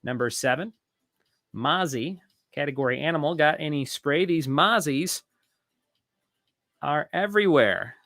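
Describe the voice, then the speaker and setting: A man hosting a live trivia show, reading each question slowly and repeating it, with joking asides between. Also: a little high, a bit bright, no room sound, clean studio sound. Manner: reads each question slowly twice, jokes and rambles between. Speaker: trivia host.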